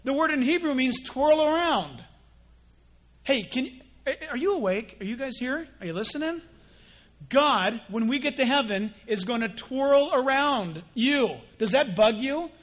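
A male pastor preaching a sermon in an animated way, acting out mock dialogues. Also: extremely high pitch, a little slow.

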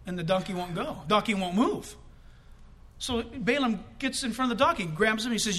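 A male pastor delivering an animated, conversational sermon in a church, with quick asides to the congregation. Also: high voice, a little hiss or hum.

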